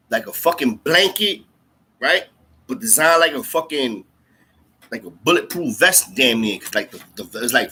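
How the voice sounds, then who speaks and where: A man's voice: on the high side, bright, forceful tone, slightly rough. A man telling a story in casual, slangy speech full of fillers and profanity. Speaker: storyteller recounting jail time.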